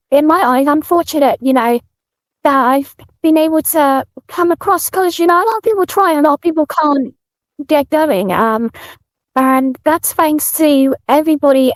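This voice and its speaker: British woman streamer, high and dry voice. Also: dry recording. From Britain. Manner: earnest, thankful, with fillers. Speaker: streamer guest. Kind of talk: casual interview chat.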